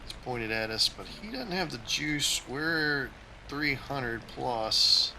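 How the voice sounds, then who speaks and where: A man's voice: mid-range voice, lively intonation, slow pace, creaky, sharp tone, slight background noise, low-quality recording. A man hosting his own gaming channel, giving a casual, tactical play-by-play of his flight game as he plays.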